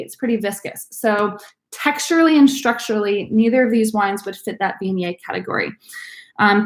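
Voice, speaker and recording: A woman's voice: a little high, roomy sound. Upbeat woman teaching a wine class. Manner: upbeat, frequent ums, coaching. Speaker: wine tasting instructor. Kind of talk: live online class. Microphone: video call.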